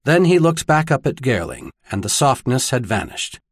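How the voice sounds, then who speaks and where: A male audiobook narrator with a slightly husky voice and lively, rising and falling pitch. His reading is expressive, and the recording sounds dry and close. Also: moderate pace, dry recording. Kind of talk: scripted narration.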